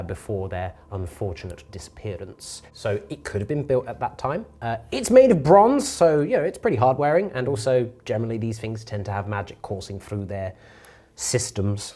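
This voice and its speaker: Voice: mid-range voice, a little mellow. A game master narrating a tabletop game in an explanatory way, with frequent fillers.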